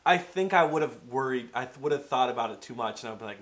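Man, casual podcast chat, hesitant, lively pitch, bright voice. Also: quick pace, hardly any pauses. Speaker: podcast co-host.

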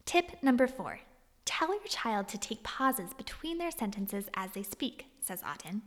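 A woman's voice: medium pitch, in a large hall. Woman reading scripted narration. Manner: reads tips and attributes quotes.

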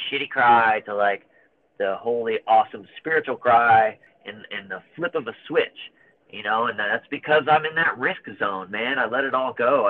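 A man in his thirties speaks candidly and emotionally, often stopping and restarting his thoughts. His voice sits a little low. It comes through narrow and phone-like. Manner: emotional, searching, many fillers and restarts. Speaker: guest. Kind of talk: candid conversation.

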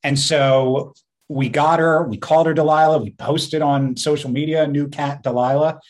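A man co-hosting a podcast in casual chat, telling stories in an animated way and laughing often. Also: a little high, normal speed. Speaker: podcast co-host.

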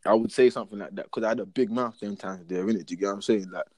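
A man's voice: lowish voice, racing, dry recording. A young man chatting casually, full of slang and forever asking whether you get what he's saying. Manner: animated storyteller, acts out his own lines. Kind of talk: casual podcast chat.

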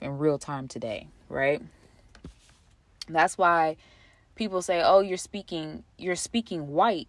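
A woman's voice: lowish voice, no room sound. A woman talking through her thoughts in a casual monologue, conversational and reflective, with frequent fillers and restarts. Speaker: podcast host.

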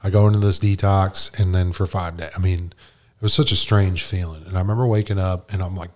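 A middle-aged man from New York speaks as a guest, spinning a personal story in easygoing, slangy talk. His voice sits a little low. He keeps slipping into the voices of the people he quotes. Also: steady tone, fairly quick. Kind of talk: casual storytelling.

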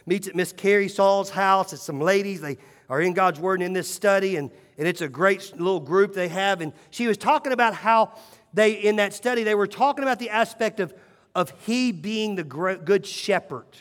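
High-voiced man preaching in a reverberant church. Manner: swings between hushed, slow moments and rising, emphatic calls. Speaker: pastor. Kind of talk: sermon. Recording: long hall reverb.

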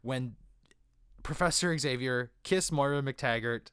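Bright, emphatic young man. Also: mid-range voice, clean tone, no room sound, studio quality. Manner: blunt, emphatic, quick to laugh. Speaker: podcast co-host. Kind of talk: casual movie review chat.

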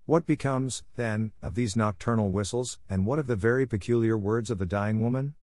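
A man reading an audiobook voices a calm, sharp-witted detective who speaks in a measured, wry way. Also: on the low side, dry recording, studio quality, natural voice.

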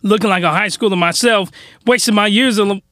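A man's voice: high voice, fairly quick, bright, forceful tone, no room sound, studio quality. A man putting on a young female teacher who insults her class in mocking, exaggerated slang. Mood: scolding.

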